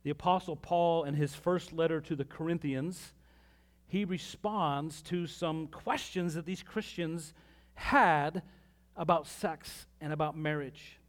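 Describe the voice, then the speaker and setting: A man preaching a sermon as pastor, reading scripture with pauses and lively asides to the congregation. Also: on the high side.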